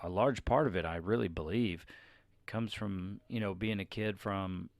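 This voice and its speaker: A man's voice: fairly low pitch, normal speed, dry recording. A man co-hosting a podcast with his wife, telling candid, confessional stories in casual chat on a close mic.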